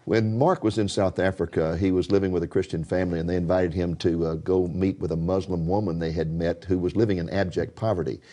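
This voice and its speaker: A man's voice: low voice, steady tone, a little fast, hardly any pauses, mellow. An older man hosting a religious TV interview, telling stories to viewers in a folksy, preacher-like way. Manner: folksy preacher-style storytelling. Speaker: TV program host.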